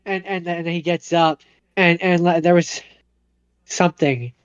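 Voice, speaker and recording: A man's voice: a little high, fairly even intonation, a little slow, smooth, no room sound, dull audio. A man co-hosting a podcast, casually retelling a movie plot in a rambling way and acting out the characters' lines. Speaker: podcast co-host.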